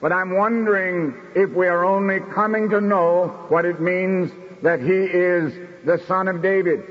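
Husky-voiced man preaching in a hall. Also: high voice. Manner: measured, declamatory preaching with slow emphatic stretches. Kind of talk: sermon. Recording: dull recording in a reverberant hall.

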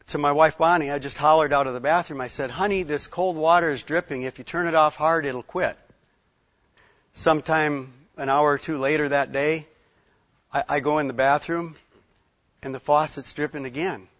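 A man's voice: mid-range voice, fairly bright tone, dry recording. A man, giving a conversational sermon as a folksy, rambling storyteller with many fillers. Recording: slightly dull lo-fi sound.

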